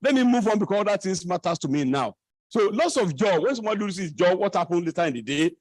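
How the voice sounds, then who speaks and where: High-voiced Nigerian man lecturing with humor. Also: expressive, fast talker, dry recording. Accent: Nigerian English. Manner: digressive, humorous, preachy asides and restarts. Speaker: conference speaker. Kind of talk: lecture at a conference. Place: conference hall.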